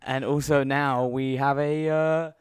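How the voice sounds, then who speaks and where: A man from co-hosting a podcast, upbeat and teasing, quick to laugh. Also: medium pitch, level tone, clean tone, no echo. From London. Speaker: podcast co-host. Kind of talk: casual chat.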